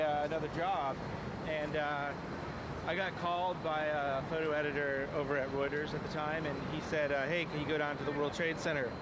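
A male news photographer gives a halting interview recollection, often pausing to search for his words. His voice sits a little high for a man. Heavy traffic rumbles loudly around him on an outdoor city street.

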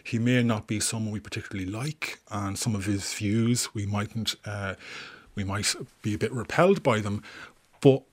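A man's voice: lowish voice, fairly even intonation, normal speed. A man, a theatre director speaking thoughtfully in a radio interview, with many restarts.

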